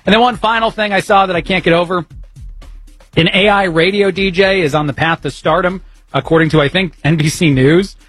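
A man's voice: high-pitched, brisk, a bit bright, breathy edge, no echo, soft background music. A man filling in as a radio talk host, rambling casually and poking fun at himself. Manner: chatty, rambling, self-mocking, laughs at his own jokes. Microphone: studio broadcast microphone.

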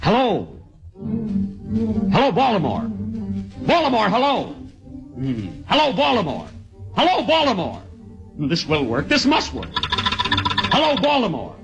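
A pompous, flustered inventor. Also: male voice, sits high, huge pitch swings, measured pace, gravelly, long pauses, over music, exaggerated voice, poor audio. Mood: exasperated. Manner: pompous, exasperated, keeps repeating himself. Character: pompous male inventor demonstrating his telephone. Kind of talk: 1940s radio comedy acting.

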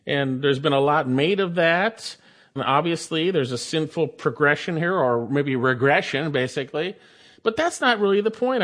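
A man's voice: fairly high pitch, a bit bright. A man preaching a sermon, reading scripture and stressing points through repetition. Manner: emphatic, repeats phrases for stress.

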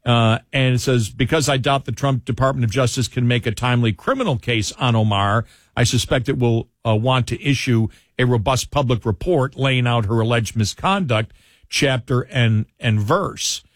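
A man with a mid-range voice hosts a talk radio show from a studio, bantering casually with his co-host before reading a newspaper column aloud. He rambles and restarts often, speaking at a normal pace. The studio-quality audio, captured with headphones and a mic, carries no room sound.

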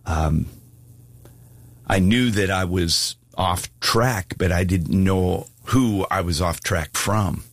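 A male preacher with a husky, lowish voice delivers an earnest broadcast sermon. He pleads with listeners and climbs into fervent, high appeals. The sound is dry and close. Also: takes it slowly, no room sound. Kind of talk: sermon with altar call.

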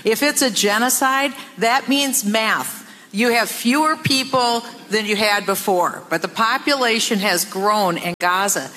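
A woman's voice: on the high side, a little slow, pushed and bright, big-room sound. A woman making assertive, emphatic political talking points in a played clip.

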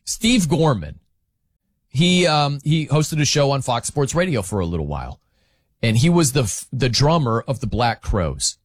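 Animated, emphatic male sports talk host. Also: medium pitch, moderate pace, no room sound, studio quality. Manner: animated, emphatic, rambling with restarts. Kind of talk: opinionated sports commentary.

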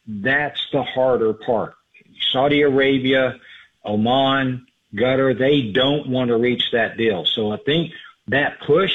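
An older man, a retired officer, explaining events as a guest in a radio interview, measured and explanatory with some restarts. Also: medium pitch. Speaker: guest analyst by phone. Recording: phone line.

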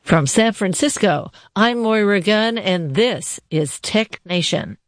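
A woman hosting a radio interview, asking questions in a measured, conversational way. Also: mid-range voice, lively intonation, no room sound. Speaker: radio show host. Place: radio studio.

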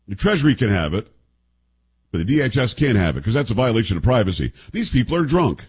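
A man's voice: mid-range voice, darkish tone, husky. A man hosting a talk radio show, delivering a combative, mocking monologue and reading ads.

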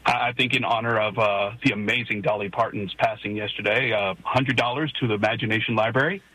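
A man's voice: fairly low pitch, steady tone, a little fast, pushed and bright, slightly rough, dry recording, poor audio. A man from Arkansas calling in to a sports radio show, earnest and hesitant, stumbling over his words. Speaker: caller. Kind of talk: call-in radio chat.

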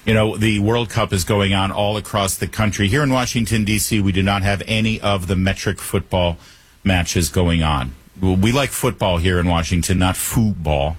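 Wry, husky-voiced male talk host. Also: sits low, normal speed. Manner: wry and teasing, punning. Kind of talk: joking monologue.

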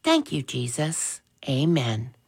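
A woman's voice: extremely low pitch, wildly swooping pitch, slow pace, vocal fry, darkish tone, breathy edge, exaggerated voice. A woman voicing an eager, polite young boy in a children's story. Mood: earnest. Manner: eager, respectful.

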